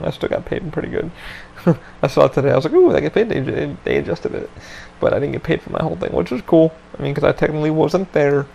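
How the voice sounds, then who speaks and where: A man's voice: fairly high pitch, vocal fry, darkish tone, a little hiss or hum, rough recording. A man hosting a podcast, telling a story in a casual chat with lots of swearing and loose rambling. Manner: profane, laid-back, loose rambling. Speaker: podcast host.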